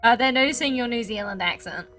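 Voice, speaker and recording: A woman's voice: a little high, fast, pushed and bright, faint music behind. A woman streaming a video game, chatting casually and giggling often.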